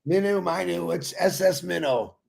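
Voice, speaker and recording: A man's voice: sits high, normal speed, gravelly, a little mellow. A man co-hosting a casual live stream, chatty and playful. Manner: chatty and playful, laughing often.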